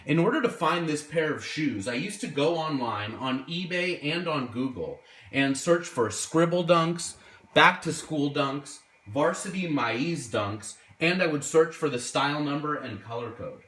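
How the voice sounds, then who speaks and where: A man telling an animated, exasperated story in a casual vlog. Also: fairly high pitch, unhurried. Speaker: sneaker collector and museum host. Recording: echoey room, voice from far off.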